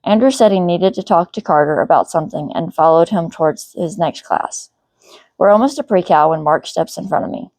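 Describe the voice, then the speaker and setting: A woman, the author, reading her novel aloud as first-person narration in a steady, even way. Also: fairly low pitch, fairly quick, no echo.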